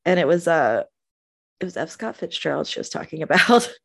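A woman co-hosting a podcast, recapping a TV episode in casual chat, animated and gushing, laughing often. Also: fairly low pitch, a little fast, vocal fry, breathy edge. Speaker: podcast co-host.

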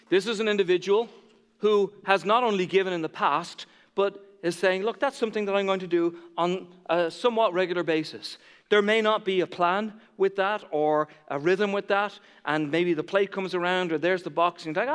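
A man preaching a sermon as pastor of his church. He builds to loud, impassioned peaks and then drops to soft, quiet asides. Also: high voice, normal speed, smooth. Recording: church hall reverb.

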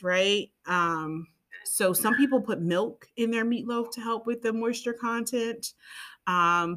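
A woman's voice: medium pitch, fairly bright tone. A woman co-hosting a podcast in a casual, chatty way, rambling into side tangents and playful asides. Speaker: podcast co-host. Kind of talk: casual chat.

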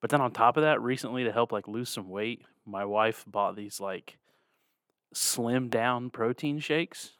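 A man's voice: mid-range voice, a little slow, fairly bright tone, dry recording. Casual young male podcast host, laid-back, dry close sound. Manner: laid-back, says "dude" and "like" a lot. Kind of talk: casual chat.

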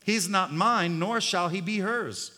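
A man's voice: high voice, unhurried. A man voicing a cold, spiteful woman who shrugs off a child's fate. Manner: flat, dismissive. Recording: long hall reverb.

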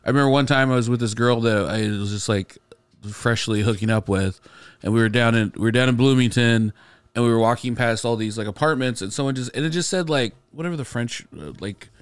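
A man's voice: mid-range voice, a little fast, clear, resonant tone, no room sound. A man on a podcast, telling a comic story in casual chat full of filler words. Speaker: podcast host.

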